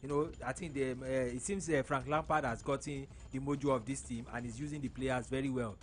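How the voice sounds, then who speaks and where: A man gives opinionated football analysis on live radio, stumbling and restarting as he goes. His voice sits at a middle pitch, with a faint hum behind it. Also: steady tone, fairly quick. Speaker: studio football pundit.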